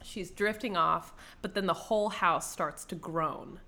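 A woman's voice: fairly low pitch, unhurried, pushed and bright. A woman co-hosting a casual podcast chat, recapping a book with swearing and acted-out voices, a bit tipsy from wine. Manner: giggly, swears freely, acts out scenes with exaggerated voices.

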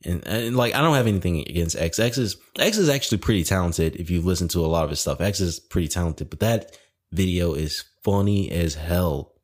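A man's voice: deep voice, fairly quick. A young man hosting a podcast alone, rambling in casual chat, packed with "like" fillers and frequent swearing. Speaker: podcast host.

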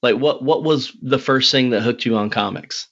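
An excitable man hosts a podcast interview, rambling through his questions and laughing often. His voice sits at an ordinary middle pitch. The sound is dull and lo-fi, like remote call audio. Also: moderate pace. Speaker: podcast host. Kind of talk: casual interview chat.

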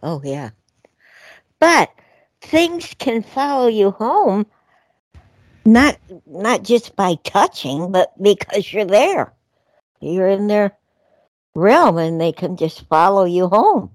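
A woman's voice: mid-range voice, very animated, slow, pauses often, no room sound. Woman, radio co-host, meandering chatty storyteller, dry close sound. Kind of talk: casual radio chat.

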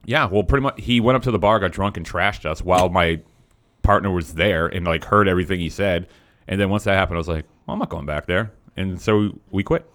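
A man's voice: low voice, fairly quick, fairly bright tone. A man hosting a podcast in a small studio, trading dry, teasing banter with his co-hosts and laughing often. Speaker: podcast host. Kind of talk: casual banter among co-hosts. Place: small home-built studio.

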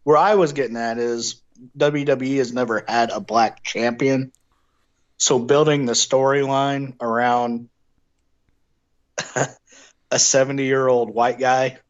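A man co-hosting a casual podcast chat, talking in a measured, hedging way. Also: medium pitch, fairly even intonation, highs cut off. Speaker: podcast co-host.

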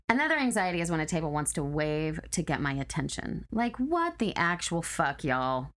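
A woman's voice: low voice, normal speed. A woman co-hosting a podcast, chatting casually and reading listener stories in a blunt, profane way. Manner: blunt, profane, animated when ranting. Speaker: podcast co-host.

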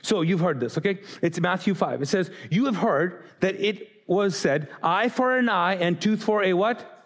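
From a church stage, a man with a high voice and normal speaking speed gives a sermon as pastor, speaking directly to the congregation. He grew up Muslim, often begins his sentences again, and acts out the voices of those he quotes.

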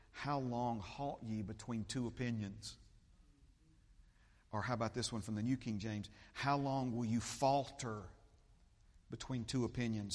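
Preaching man in an echoing hall. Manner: preaching, swings between loud fervent peaks and low steady teaching. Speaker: pastor. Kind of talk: sermon. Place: church sanctuary.

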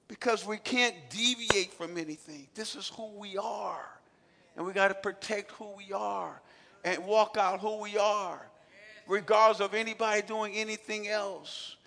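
A high-voiced male pastor preaches with a bright, gravelly edge, swinging from quiet asides to shouted calls. His voice rings with long reverb through a large church sanctuary. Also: fairly even intonation, moderate pace. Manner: acts out quotes with repetition and filler sounds. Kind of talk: sermon.

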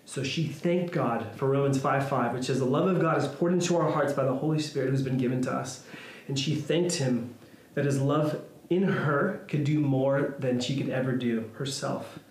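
A man preaching a sermon, retelling a story in an earnest, halting way with many restarts. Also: medium pitch, a little mellow. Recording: echoey room with faint ambient noise.

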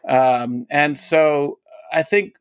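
An eager man explains ideas as an interview guest, laughing often as he goes. His voice sits a little high. The sound is dry and close, with no room around it. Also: steady tone, drawn-out words, clean tone, dry recording. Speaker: poet and teacher, guest. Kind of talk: casual interview talk.

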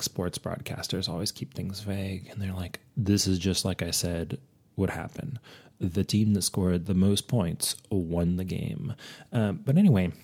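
A man reviewing a movie in a comic, rambling monologue, holding a low, put-on sultry persona voice with many fillers. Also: vocal fry, dark tone. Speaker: podcast film reviewer.

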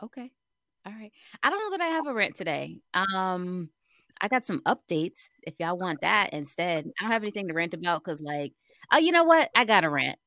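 A woman's voice: fairly low pitch, expressive, normal speed, bright, forceful tone, no room sound, clean studio sound. A young woman co-hosting a radio talk show, chatting casually, laughing often and venting in an exasperated way.

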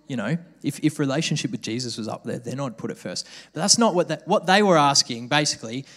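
A young man preaching a sermon, telling a story with lively mimicked voices. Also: mid-range voice, quick pace, hardly any pauses.

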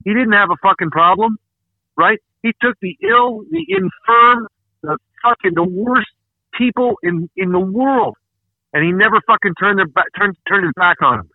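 A Canadian man hosts a podcast, his high, animated voice moving at a moderate pace as he rants angrily and profanely, hammering the same words over and over. It's a casual rant, recorded dry with a tinny, phone-like sound and no room tone.

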